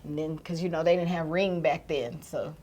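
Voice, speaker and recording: A woman in her thirties, a podcast co-host telling a story in casual chat and acting out its shouts and gasps. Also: deep voice, steady tone, moderate pace.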